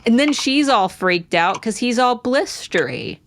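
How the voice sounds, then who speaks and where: A woman's voice: fairly high pitch, sing-song, a little slow. Chatty woman retelling a book. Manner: chatty storyteller, acts out quotes. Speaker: podcast co-host. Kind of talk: casual book discussion.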